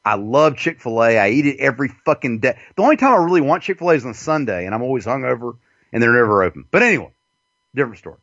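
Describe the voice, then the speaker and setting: A man's voice: medium pitch, quick pace, no echo, highs cut off. A man hosting a podcast, delivering a crude, mocking, profane monologue. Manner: crude, mocking, animated delivery with frequent swearing. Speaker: podcast host.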